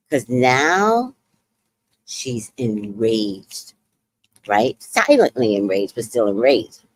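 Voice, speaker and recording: A woman hosting a podcast, recapping a reality show in a casual, animated way and acting out what people said. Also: a bass voice, extremely slow, slightly rough. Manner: animated, exclaims and acts out quotes. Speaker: podcast host.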